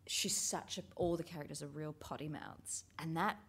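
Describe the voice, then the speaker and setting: A woman's voice: sits low, fairly even intonation, moderate pace, a bit bright, slightly rough. A woman, a theatre writer, talking frankly and thoughtfully in casual chat, with some swearing.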